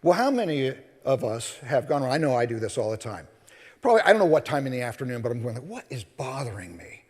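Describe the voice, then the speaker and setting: A male minister giving a sermon, telling scripture stories in an animated way and acting out the voices. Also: mid-range voice, fast talker. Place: church sanctuary. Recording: long reverb of a large hall.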